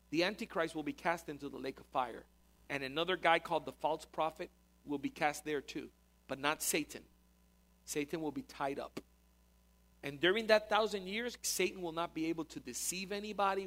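A man's voice: a little high, pushed and bright. A man teaching a conversational sermon as a pastor, repeating words as he explains. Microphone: recorded talk to a congregation.

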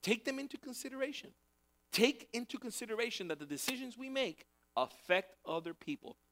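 A man's voice: very high-pitched, lively intonation, brisk, fairly bright tone. A male pastor preaching a sermon in a conversational way, repeating key phrases for emphasis.

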